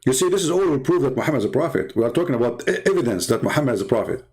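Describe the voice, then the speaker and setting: A man's voice: mid-range voice, big pitch swings, racing, a little mellow, slightly rough. A man hosting a live online debate stream, sarcastic and mocking, speaking English with non-native grammar. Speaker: livestream host.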